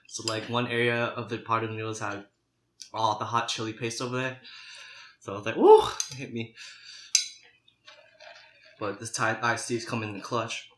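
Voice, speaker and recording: Guy talking while he eats spicy noodles, kinda bright voice, roomy echo, lots of "you know"s. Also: lowish voice, little pitch movement, normal speed, pauses often. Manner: chatty, loose, with frequent restarts and "you know". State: runny nose from spicy food, clearing throat. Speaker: mukbang vlogger. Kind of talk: casual mukbang chat and anime recap.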